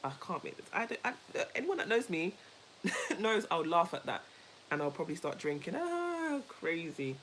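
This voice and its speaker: Lively woman co-host, low voice, emphatic storytelling, faint hiss behind. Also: moderate pace, low-quality recording. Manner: animated, emphatic storyteller who repeats herself; laughs easily while talking. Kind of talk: casual chat with a co-host and viewers.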